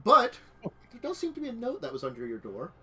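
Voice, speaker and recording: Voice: medium pitch, huge pitch swings, a little fast, bright, forceful tone, a little hiss or hum. A game master narrating a tabletop game, laughing often and rambling loosely with fillers.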